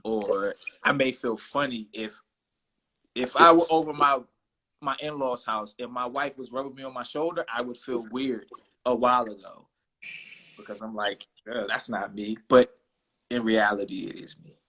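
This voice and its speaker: A man's voice: medium pitch, moderate pace, bright, forceful tone, slight background noise, poor audio. A man in his thirties, a guest in a casual interview, speaking candidly and thoughtfully about himself. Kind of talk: casual conversation.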